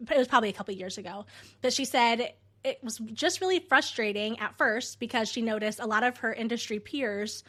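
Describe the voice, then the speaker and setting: A woman's voice: fairly high pitch, fairly quick, bright, forceful tone. A woman co-hosting a podcast in casual chat, upbeat and encouraging. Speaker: podcast co-host.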